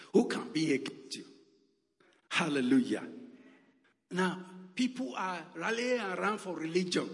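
A man's voice: on the high side, expressive, a little slow, creaky, pauses often, long reverb tail. A man preaching a sermon with emphatic calls and repeated exclamations.

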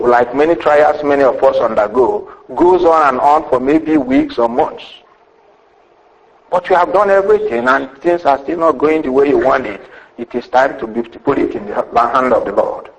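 High-voiced preacher man, echoey room. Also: gravelly, fairly bright tone. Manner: emphatic preaching with rhetorical questions and a repeated refrain. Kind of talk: sermon.

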